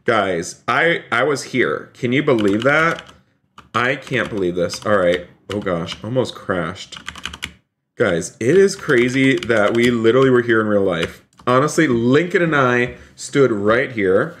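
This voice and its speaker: Excitable male streamer, bright voice. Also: mid-range voice, measured pace, a little hiss or hum. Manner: excitable, keeps addressing the chat as "you guys". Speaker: live-streaming gamer. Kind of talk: live gaming stream commentary with role-play.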